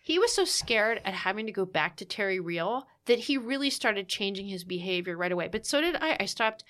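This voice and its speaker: A woman guest telling a candid story in conversation, animated, with restarts, fillers and laughing asides. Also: mid-range voice, fairly quick. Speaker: podcast guest.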